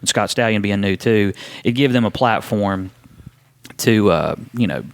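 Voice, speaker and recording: A man, a wrestler telling his story in a casual interview, relaxed and rambling with many ums and restarts. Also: on the low side, measured pace, gravelly, clear, resonant tone, no echo. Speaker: wrestler guest.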